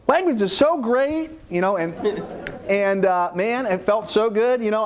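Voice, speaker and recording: A middle-aged man delivers a business lecture to a live room, his voice sitting a little high for a man. He tells stories, acts out the quoted dialogue, and turns to the audience with questions. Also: darkish tone. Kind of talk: lecture with storytelling.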